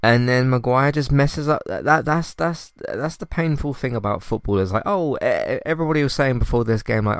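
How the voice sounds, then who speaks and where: Frustrated man with a smooth voice. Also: mid-range voice, animated, brisk, few pauses, no echo, clean studio sound. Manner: frustrated, rambling, many restarts and sighs. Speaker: podcast host. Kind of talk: casual solo podcast rant.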